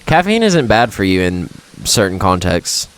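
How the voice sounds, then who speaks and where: A man's voice: low-pitched, big pitch swings, moderate pace, clear, resonant tone, dry recording. A young man co-hosting a podcast, teasing in casual chat and earnest when giving advice. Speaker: podcast co-host.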